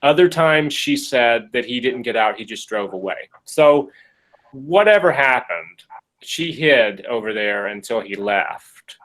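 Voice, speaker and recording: A podcast host telling a story casually, with jokes along the way. He speaks at a mid pitch and acts out the lines he quotes. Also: unhurried, low-quality recording. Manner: jokey, animated, acts out quotes.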